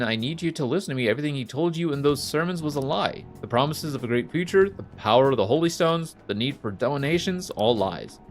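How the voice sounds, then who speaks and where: A man's voice: mid-range voice, lightly acted. A man reading the lines of an earnest young woman fortune teller from a video game, at times in a put-on Southern drawl. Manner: earnest, pleading, slips briefly into a folksy drawl.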